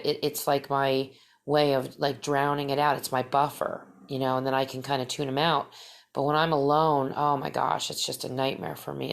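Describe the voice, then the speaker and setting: Low gravelly-voiced woman telling a story. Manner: rambling, many fillers and restarts. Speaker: podcast host. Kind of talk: casual personal storytelling.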